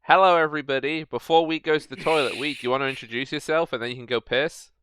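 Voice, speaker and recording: A man's voice: a little high, fairly even intonation, fast, noisy background. A man hosting a streamed tabletop game as game master, chatty and joking. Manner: chatty, joking, self-correcting.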